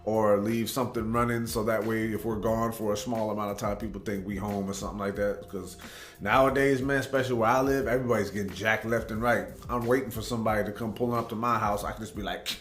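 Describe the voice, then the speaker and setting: A man's voice: lowish voice, level tone, fast talker. A man from Tacoma, Washington, hosting a reaction video, telling rambling, laid-back stories and saying "man" a lot. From Tacoma, Washington, USA. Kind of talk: casual storytelling commentary. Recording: roomy echo with faint background music.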